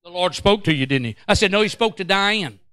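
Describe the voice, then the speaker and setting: Man, preacher, lively storytelling, high and bright voice, church sermon. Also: a little fast, smooth, no echo, clean studio sound. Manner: animated, acts out quotes, Pentecostal call-outs. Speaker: pastor.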